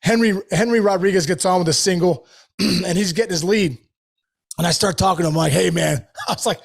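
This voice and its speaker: A man, a former ballplayer, telling stories on a podcast in a loose, animated way full of "dude" and "like.". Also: sits high, fairly quick, creaky. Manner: animated storyteller, lots of "dude" and "like". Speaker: guest, former baseball player. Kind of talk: casual storytelling chat.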